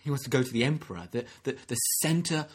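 A man delivers a sermon with a husky, slightly breathy voice at a middling pitch. He speaks earnestly and conversationally, circling back over his phrases as he explains. He slips into the voices of the people he quotes to bring the story to life. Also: lively intonation, fast talker. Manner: earnest, acts out quoted speakers, frequent restarts. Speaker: preacher.

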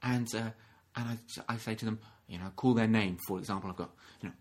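A man giving a gentle, reflective sermon, often restarting phrases and acting out short quotes. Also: mid-range voice, animated, fairly quick. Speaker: minister.

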